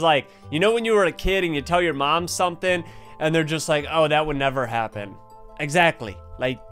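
An excitable young man narrating a scary game as he plays, his voice sitting a little high. He jokes, reacts loudly and keeps the commentary rolling, with soft music underneath. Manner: excitable, jokey, exclaims often. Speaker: gaming video host.

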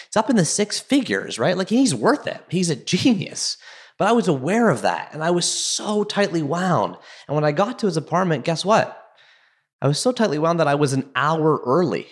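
A man from Canada hosting a podcast, telling a nervous story in an excitable, chatty way full of fillers. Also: fairly high pitch. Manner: excitable, chatty, self-deprecating, many fillers. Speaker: podcast host. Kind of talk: casual storytelling intro.

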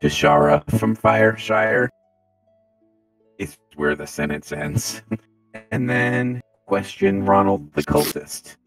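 Low-voiced male player, rambling recap, music behind. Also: slow, low-quality recording. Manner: reads from notes, rambling, stumbling restarts. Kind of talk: casual recap of a tabletop game.

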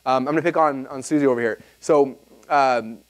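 A man giving a live seminar talk to an audience, animated and rambling with asides and restarts. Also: medium pitch, a little fast. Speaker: seminar speaker. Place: event hall with audience.

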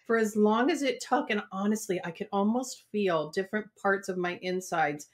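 A woman's voice: medium pitch, moderate pace. A woman hosting an interview, affirming her guest and sharing her own experiences. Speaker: interview host. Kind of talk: interview conversation.

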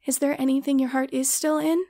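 A woman's voice: high voice, flat delivery, brisk, warm tone, pitched above the performer's own voice. A woman voicing a grieving young woman, a devoted book fan, speaking earnestly and emotionally.

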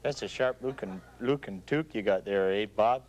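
A man's voice: on the low side, normal speed, a little mellow, a little hiss or hum, natural voice. A man playing a goofy Canadian hoser, eh. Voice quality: tacks 'eh' onto everything, chuckly. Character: goofy male Canadian brother, toque-wearing beer drinker.

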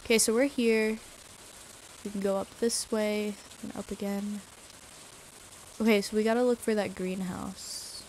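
A woman's voice: mid-range voice, fairly even intonation, unhurried, long pauses, darkish tone, a little hiss or hum, low-quality recording. A woman streaming a video game, chatting casually and giggling as she reacts aloud to what happens on screen.

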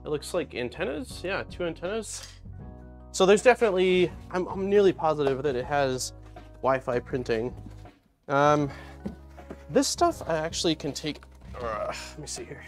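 A man's voice: fairly high pitch, normal speed, soft background music. Chatty man hosting a live unboxing stream. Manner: chatty, thinks aloud, greets chat viewers. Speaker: streamer host.

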